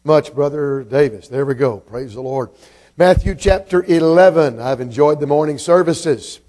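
A guest preacher from Georgia, telling folksy stories to his congregation. His voice is mellow and somewhat high. He talks in easy asides. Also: animated, moderate pace. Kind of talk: sermon with humorous story.

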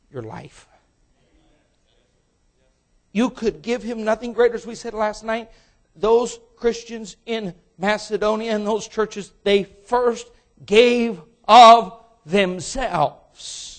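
A man delivers a sermon to a young audience, taking his time and pausing often as he narrates a story. He acts out the characters with abrupt loud bursts, then drops down low and soft.

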